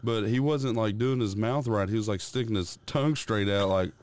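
Young male podcast co-host with a smooth, low voice, profane and rambling storyteller. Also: moderate pace, darkish tone. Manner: rambling, swears a lot, acts out his toddler's noises.

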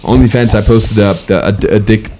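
A man's voice: on the low side, fairly even intonation, brisk, darkish tone. Young guy rambling crude jokes on a podcast, lots of restarts, faint hiss behind. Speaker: podcast host. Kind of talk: casual chat.

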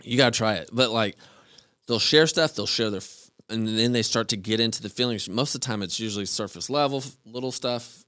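A man talking as a podcast guest, earnest and halting, often restarting his sentences. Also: medium pitch, bright, forceful tone, smooth, no echo, clean studio sound. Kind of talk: casual conversation.

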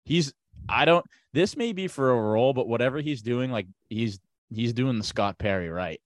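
A man's voice: mid-range voice, moderate pace, dry recording, clean studio sound. A man co-hosting a podcast, riffing loosely and slipping into silly voices. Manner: riffing, animated, slips into voices. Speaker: podcast co-host. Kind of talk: casual banter.

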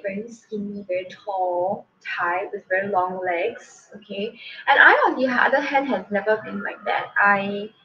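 A woman's voice: mid-range voice, recorded from a distance, muffled recording, a little hiss or hum. Chatty woman with a lilt. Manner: candid, chatty, drops in "lah". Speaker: podcast co-host. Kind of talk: casual podcast chat.

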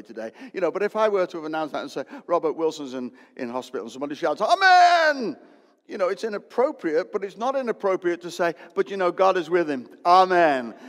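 A man, preaching a lively, joking sermon in a church. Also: on the high side. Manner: lively, joking, loud bursts. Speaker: pastor. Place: church hall. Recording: long hall reverb.

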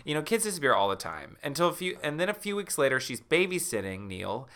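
A man co-hosting a podcast, retelling a spooky story in an animated way and putting on voices for its characters. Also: fairly high pitch, fast talker, clear, resonant tone. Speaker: podcast co-host. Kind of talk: comedic storytelling recap.

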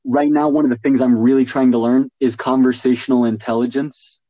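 A man's voice: medium pitch, little pitch movement, brisk, dark tone, no echo, poor audio. A man hosting a casual podcast conversation, talking with enthusiasm and thinking aloud. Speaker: podcast host.

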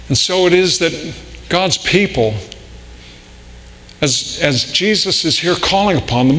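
A man preaching a sermon in a slow, deliberate way, often repeating and restarting words. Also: on the high side, expressive, fairly bright tone. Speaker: pastor. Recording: long reverb in a large hall, faint room noise.

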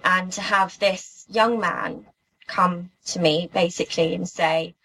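A young woman from the UK telling a personal story in an earnest, halting way, with many restarts. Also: lowish voice, fairly even intonation, sharp tone, husky, rough recording. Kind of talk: emotional personal account.

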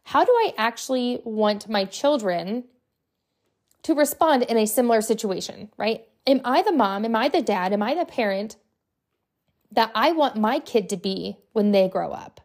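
A woman's voice: fairly high pitch, lively intonation, normal speed. Chatty young woman hosting a podcast. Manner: chatty, lots of "right?" and "like" fillers. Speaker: podcast host. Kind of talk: casual solo podcast talk.

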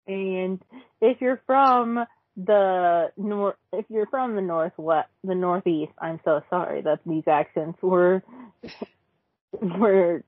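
A woman's voice: lowish voice, takes it slowly, no room sound. A woman in casual chat about a cartoon, rambling, swearing and fumbling for names. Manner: profane, rambling, forgets names. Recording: dry tinny phone-like line.

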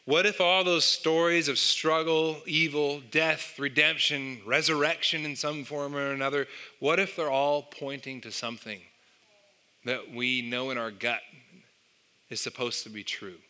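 A man's voice: on the high side, fairly even intonation, unhurried, pushed and bright, clean tone. A man preaching a sermon, telling an illustration and asking the listeners rhetorical questions. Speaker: pastor.

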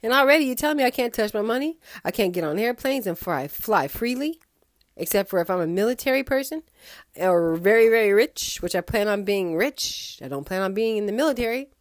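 A woman's voice: medium pitch, a little fast, no room sound, studio quality. Sassy woman ranting on a podcast. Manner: sassy, animated, wandering asides. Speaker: podcast host. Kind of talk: opinionated podcast monologue.

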